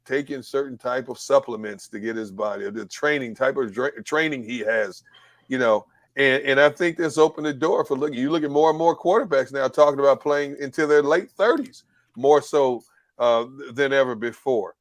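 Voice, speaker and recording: A man on a casual sports talk panel, talking in a measured way and often repeating words as he starts a sentence. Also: medium pitch, dry recording.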